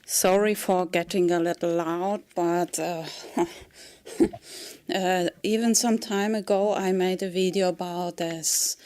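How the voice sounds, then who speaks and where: A woman giving a rambling comedic monologue in a halting way, often dropping into a whisper and breaking into giggles. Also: fairly low pitch, fairly even intonation, darkish tone, clear, resonant tone. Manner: slow, halting delivery that drifts into whispers. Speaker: vlogger.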